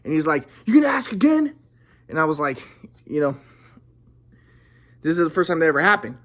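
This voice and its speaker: A man's voice: a little high, fairly quick, pushed and bright, echoey room. A man telling a personal story in a casual, rambling monologue, repeating himself while demonstrating moves.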